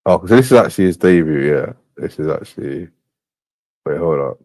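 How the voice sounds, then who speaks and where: Stream host, deep gravelly male voice, dry close sound. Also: lively intonation, fairly quick, darkish tone, no room sound. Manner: muttering asides while playing clips. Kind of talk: casual live-stream chat.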